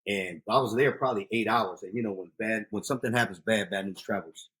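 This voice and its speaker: Animated husky man telling street stories. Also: on the low side, quick pace. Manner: animated street storyteller, loud outbursts. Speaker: guest, youth outreach founder. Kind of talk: casual storytelling interview.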